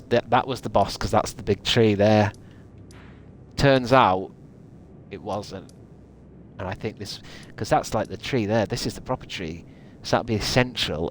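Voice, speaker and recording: A man's voice: on the low side, slight background noise. A young man chatting casually while streaming a game, rambling, swearing and laughing at himself. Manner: rambling, sweary, self-mocking, laughs often. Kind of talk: casual live-stream commentary while gaming.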